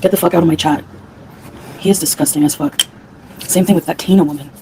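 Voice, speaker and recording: A woman's voice: low-pitched, fairly even intonation, fast talker, background noise. A woman from Canada ranting angrily on a livestream, profane and heated, answering her chat. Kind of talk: angry livestream rant.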